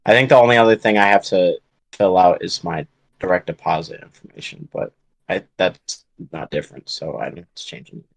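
A man's voice: low-pitched, brisk, vocal fry, dry recording. A man co-hosting a podcast, talking in laid-back casual chat with lots of fillers. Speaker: podcast co-host.

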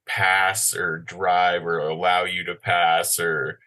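A man's voice: low-pitched, level tone, takes it slowly, sharp tone. A man chatting casually, rambling with hesitant ums. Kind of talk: casual chat.

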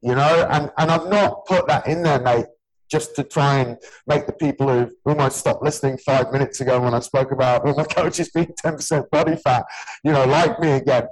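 A man's voice: medium pitch, steady tone, a little fast, rough recording. Blunt, swearing man in his forties. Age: 40s. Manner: blunt, earnest, swears freely, says "mate" often. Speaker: gym owner and personal trainer, podcast host. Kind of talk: casual podcast chat.

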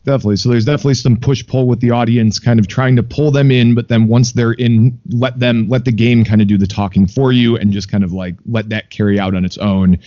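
A man's voice: medium pitch, steady tone, a little fast, hardly any pauses, mellow, dry recording. A man interviewing a guest and asking loose, rambling questions full of fillers. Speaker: podcast interviewer. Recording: dry, dull lo-fi sound.

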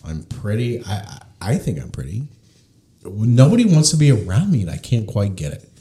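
A man's voice: on the low side, big pitch swings, normal speed, mellow. A man voicing a fretful woman patient. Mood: pleading.

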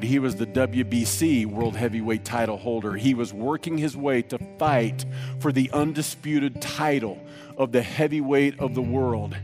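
A man preaching a sermon to a congregation, emphatic, breaking into sung lines and jokes, with faint guitar music behind. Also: medium pitch. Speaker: pastor.

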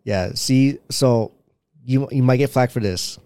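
A man's voice: mid-range voice, a little slow, mellow, smooth, no echo, studio quality. A man in casual chat, patiently explaining things and laughing often.

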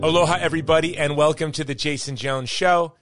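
A man's voice: on the high side, steady tone, quick pace, over loud music. A male podcast host giving an opinionated monologue, emphatic and worked-up yet still upbeat.

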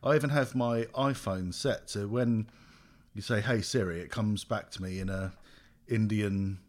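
A man's voice: lowish voice, measured pace. A man co-hosting a casual podcast chat, easygoing and enthusiastic. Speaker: podcast co-host.

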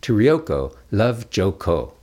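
A man's voice: on the low side, takes it slowly, pitched above the performer's own voice, heavily acted. A man doing a brash teasing teenage girl. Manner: brash, lively slang. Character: bold teasing teenage girl, playful, confident.

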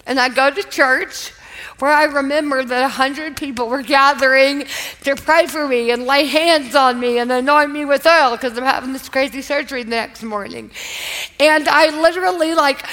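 A woman's voice: high voice, sharp tone, big-room sound, low-quality recording. A woman giving an earnest, emotional personal testimony at a live faith event, talking in a casual storytelling way. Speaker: guest speaker.

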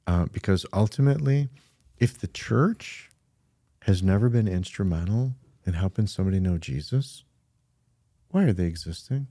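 Male pastor and podcast co-host, very low and mellow voice, earnest and emphatic delivery. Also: moderate pace, no room sound, clean studio sound. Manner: earnest, animated emphasis on key points. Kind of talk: casual conversation about church.

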